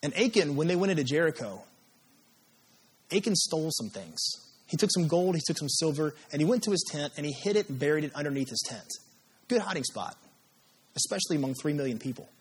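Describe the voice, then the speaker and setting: A man delivers a sermon with a husky, breathy voice pitched a touch high. His delivery is animated and wide-ranging, swinging up and down as he dramatizes prayers and scripture. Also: brisk. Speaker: pastor.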